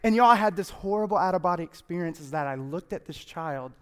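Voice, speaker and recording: A man's voice: high-pitched, expressive, fast talker. A man preaching as a youth pastor in a church, chatty and playful, often laughing as he talks. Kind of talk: casual humorous sermon. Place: church sanctuary. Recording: echoey church hall.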